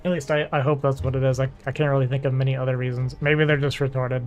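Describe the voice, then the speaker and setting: A man's voice: medium pitch, level tone, quick pace, darkish tone, faint music behind. A man who streams games, chatting casually, laughing often and trailing off with fillers. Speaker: streamer and game player. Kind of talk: casual chat.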